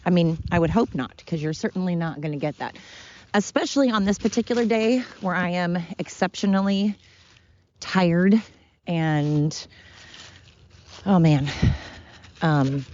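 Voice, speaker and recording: Walking uphill outside, a woman breathlessly delivers a casual, self-deprecating monologue for her own podcast. She has a lowish, darkish-toned voice, and the highs in the recording are cut off.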